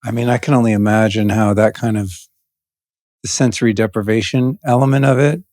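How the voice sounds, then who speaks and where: A man hosting a podcast, asking thoughtful questions in a calm way. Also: lowish voice, fairly quick, dry recording, clean studio sound. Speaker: podcast host. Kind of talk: interview questions.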